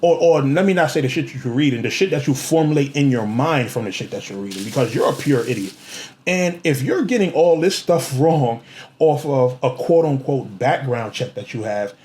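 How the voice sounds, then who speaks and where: A young man fires off a heated vlog rant, taunting and repeating himself to hammer each point home. His voice sits a little high for a man and swings widely in pitch. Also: a little mellow. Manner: confrontational, mocking, repeats himself for emphasis. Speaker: vlogger.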